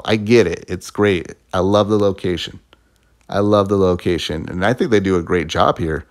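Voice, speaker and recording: A man with a deep, low-pitched voice talks through a game review in a loose, chatty way. He rambles, circles back on his points and laughs between thoughts. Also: normal speed. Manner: rambling and chatty, laughs often, fillers and restarts. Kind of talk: casual spoken game review.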